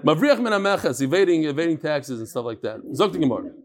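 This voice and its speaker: A man teaching a Talmud class, telling stories and quoting Hebrew and Aramaic terms with lively repetition. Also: on the high side, fast talker. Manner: lively, sprinkles Hebrew and Yiddish terms, repeats words. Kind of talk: animated Talmud class with storytelling.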